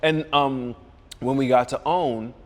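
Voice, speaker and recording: Man, series creator as guest, storytelling, halting restarts, mid pitch, reverberant room. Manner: animated storyteller who acts out quoted voices; halting restarts, repeats words. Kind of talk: casual chat, telling a story.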